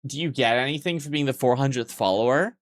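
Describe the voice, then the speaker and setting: A man's voice: medium pitch, fast, dry recording, studio quality. A man live-streaming and joking crudely with his chat, sleep-deprived yet weirdly awake, in a playful teasing manner.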